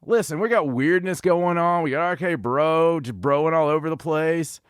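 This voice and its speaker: Animated, ranting podcast host man. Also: on the high side, moderate pace, smooth, no echo, studio quality. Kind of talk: casual wrestling review chat.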